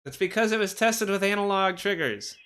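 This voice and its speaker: A man's voice: sits high, animated, fairly quick, bright, forceful tone. A man co-hosting a let's play, casually teasing the player and laughing at his troubles. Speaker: co-host watching the game. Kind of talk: casual gameplay chat.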